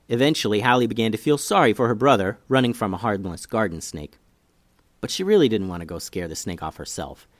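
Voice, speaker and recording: A man hosting a children's story podcast, narrating with an animated, expressive reading on a close mic. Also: mid-range voice, dry recording.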